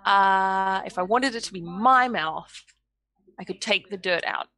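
Woman player thinking out loud, bright voice, kinda hesitant. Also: medium pitch, a little slow. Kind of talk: casual tabletop play.

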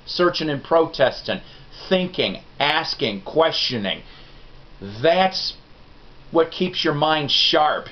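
A man's voice: fairly high pitch, very animated, slow pace. A middle-aged man hosting a music review vlog, chatting in a folksy, rambling, self-deprecating way straight to his viewers. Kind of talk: casual rambling review chat. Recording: dull lo-fi sound.

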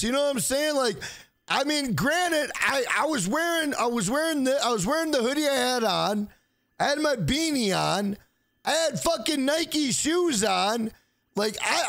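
A man streaming a video game live, swearing freely and loudly hyping up his donors. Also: very high voice, expressive, normal speed, creaky, dry recording. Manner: profane, hyped, shouts out donors. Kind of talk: live gameplay stream chat.

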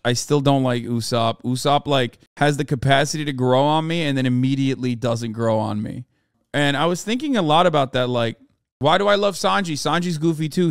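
A man's voice: medium pitch, a bit bright, smooth, no echo, clean studio sound. A man streamer in a casual, profane rant, talking emphatically and sounding exasperated.

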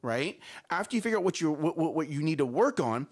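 A man's voice: a little high, fast talker. A man co-hosting a parenting talk show, telling stories with lots of repeated phrases. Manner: animated storyteller, repeats phrases. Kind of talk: casual chat.

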